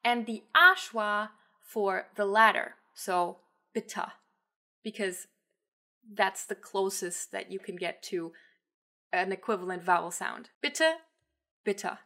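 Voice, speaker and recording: Woman teaching pronunciation, bright clear voice, patient, sounds out words slowly. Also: mid-range voice. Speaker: German language teacher. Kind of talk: explaining pronunciation to camera.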